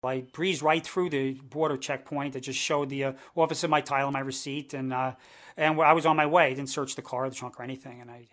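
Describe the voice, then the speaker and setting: A man's voice: medium pitch, fairly even intonation, a little fast, a bit bright. A middle-aged American man telling his own story, earnest and indignant, stumbling through many restarts and fillers. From United States. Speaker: interviewee. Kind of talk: personal testimony to camera.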